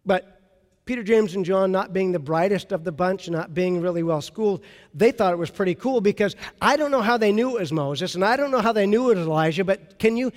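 A man delivers a sermon in a notably high voice. He retells the scene with lively, acted-out quotes. The sound trails off in a long, echoing hall reverb. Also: brisk. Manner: animated storytelling, acts out excited quotes. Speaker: pastor.

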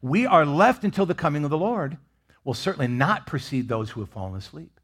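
A man preaching a sermon as pastor, expressive, swinging between loud emphasis and hushed, near-whispered lines. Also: fairly high pitch, a little fast, slightly rough.

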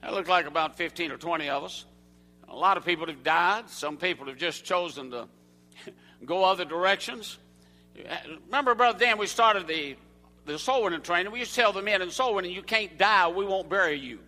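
An older Southern American man preaches in a folksy way, calling questions out to the congregation. His voice is high and bright, and it rings with the long reverb of a church sanctuary. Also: animated, a little fast. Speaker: evangelist. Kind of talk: sermon.

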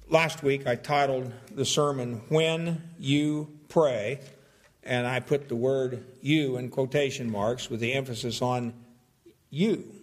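A pastor preaching a sermon, stressing key words and restarting phrases as he explains a passage. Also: mid-range voice.

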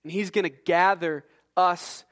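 Guy preaching, high-ish voice, piles up repeated lines louder and louder. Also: fairly even intonation, unhurried. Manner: preaching, rising in intensity on repeated phrases. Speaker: pastor. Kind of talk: sermon.

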